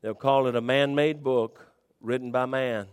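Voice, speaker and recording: A man preaching a sermon in a folksy, conversational way, dropping to quiet murmurs and rising to high shouts. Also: fairly even intonation, unhurried, smooth, long reverb tail.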